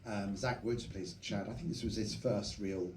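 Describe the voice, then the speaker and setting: A director reminisces calmly in front of a cinema audience. His voice is dark and mellow. It is picked up from well back in the hall, so it sounds distant and roomy, with a faint hiss. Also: on the low side. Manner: relaxed reminiscing, measured. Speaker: film director. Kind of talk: onstage conversation. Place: cinema auditorium before a live audience. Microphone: stage mic recorded from the audience. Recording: distant, echoey hall recording with faint noise.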